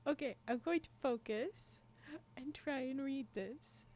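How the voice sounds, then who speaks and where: A woman's voice: high voice, expressive, takes it slowly, a little mellow. A woman livestreamer chatting casually with her viewers, rambling through asides and laughing often. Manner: frequent restarts and trailing asides. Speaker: livestream storyteller. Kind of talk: casual chat with live viewers.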